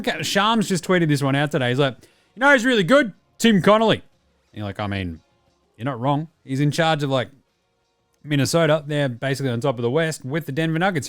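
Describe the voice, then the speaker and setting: A man's voice: medium pitch, dry recording, clean studio sound. A man hosting a solo basketball news podcast, chatting casually and joking with himself. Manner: casual, jokey, talks back to himself. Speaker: podcast host. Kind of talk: solo sports news commentary.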